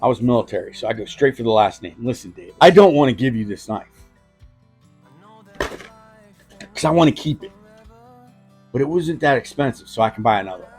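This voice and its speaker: A man's voice: medium pitch, lively intonation, brisk, long pauses, darkish tone, slightly rough, faint music behind. Rambling, joking man in his fifties. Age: 50s. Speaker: knife channel host. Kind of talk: casual vlog chat.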